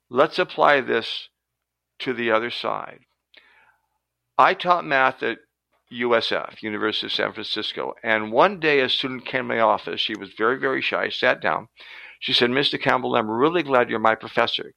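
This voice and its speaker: Older male guest, gravelly, bright, animated storyteller; dry close sound. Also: mid-range voice, normal speed, dry recording, rough recording. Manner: animated storyteller who acts out quotes. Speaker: guest, retired professor. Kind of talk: storytelling in a podcast interview.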